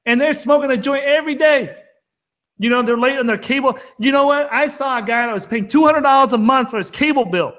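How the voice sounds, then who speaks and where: High-voiced fired-up man ranting. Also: fairly quick, a bit bright. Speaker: co-host of a crypto trading show. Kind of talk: casual chat.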